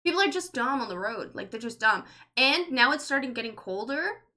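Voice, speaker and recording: A woman's voice: sits high, expressive, fairly quick, bright, forceful tone. A woman in her thirties chatting casually on a livestream, rambling with lots of "like" and swearing freely. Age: 30s. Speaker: streamer. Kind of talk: casual livestream chat, reading chat.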